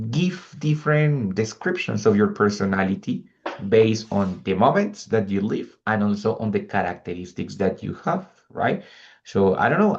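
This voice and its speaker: A man's voice: fairly low pitch, highs cut off. A male English teacher giving a lesson, patiently repeating example phrases and checking in with his students. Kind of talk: online language lesson, mixing English and Spanish.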